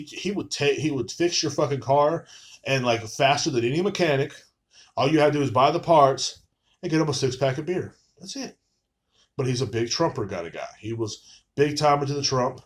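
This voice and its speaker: Young guy hosting a podcast, casual profane rant, mid pitch, rambling. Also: moderate pace, pauses often. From Texas. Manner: profane, rambling, lots of fillers. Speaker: podcast host. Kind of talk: casual ranting monologue.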